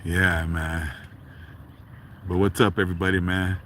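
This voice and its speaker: A man from California, hosting a casual livestream outdoors by a lake and telling a story in a rambling, animated way full of fillers. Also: deep voice, a little slow, a little hiss or hum, rough recording. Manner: rambling, animated, full of fillers like "you know what I'm saying". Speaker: livestream host.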